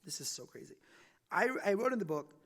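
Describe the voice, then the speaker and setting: A man's voice: high-pitched, sing-song, a little fast. Casual forties guy from the philippines chatting to a campus crowd, says right? a lot, echoey hall. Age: 40s. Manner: chatty, often tags "right?" and "like", loudness swings widely. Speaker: author giving a campus talk. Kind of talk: conversational public talk. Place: university event room.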